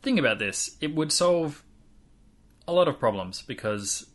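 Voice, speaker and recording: A man co-hosting a casual chat, animatedly recapping an episode and slipping into quick character impressions. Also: fairly high pitch, animated. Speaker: podcast co-host.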